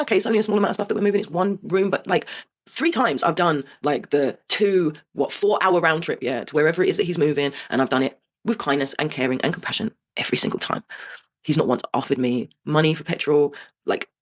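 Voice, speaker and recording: Fast-talking woman venting. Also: sits low. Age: 40s. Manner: emphatic and heartfelt, swears, asks rhetorical "right?". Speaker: host. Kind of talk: personal confessional monologue.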